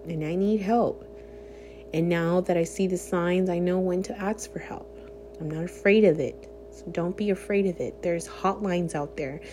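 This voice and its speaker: A young woman speaks earnestly and directly to her viewers in a candid vlog. Her voice sits low and sounds warm and relaxed. A faint hum runs underneath. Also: normal speed. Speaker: vlogger. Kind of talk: candid personal vlog talk.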